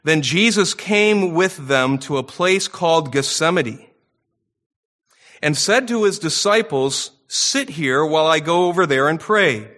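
A man's voice: a little high, lively intonation, unhurried, fairly bright tone. A man preaching an expository sermon, reading scripture and building to emphatic, rising peaks. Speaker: pastor.

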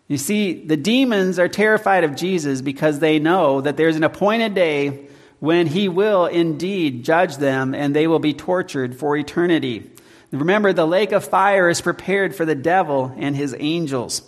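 A pastor preaching a sermon in measured tones, slowing down to read scripture and hymn verses. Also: male voice, a little high, long reverb tail.

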